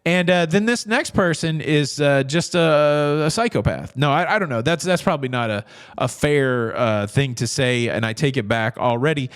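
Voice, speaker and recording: A middle-aged man hosts a casual news commentary, rambling along and breaking into jokey asides. His voice sits a little high for a man. He restarts his sentences often in an easy, chatty way. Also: moderate pace, smooth. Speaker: cruise news host.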